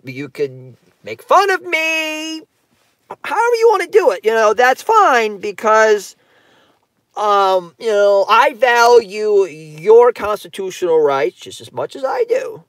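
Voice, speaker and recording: Dude ranting on his channel, swears a lot, rambles, slow talker, dry sound. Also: high voice, big pitch swings, a bit bright, dry recording. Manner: profane, rambling, repeats himself. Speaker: YouTube commentator. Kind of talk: ranting commentary.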